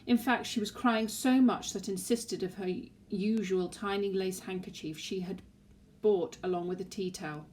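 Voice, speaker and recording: A woman narrates a children's novel aloud. Her storytelling is expressive, and her voice sits at an ordinary mid pitch. It is a steady read-aloud. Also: moderate pace, slight background noise.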